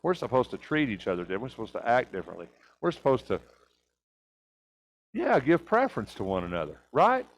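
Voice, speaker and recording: A man's voice: mid-range voice, sing-song, a little fast, rough recording. A man teaching a church Bible class, asking rhetorical questions and often checking in with "right?".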